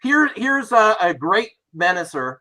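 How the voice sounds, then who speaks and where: Casual host, male, bright lively high voice, giggly and teasing. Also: unhurried. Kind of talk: casual chat.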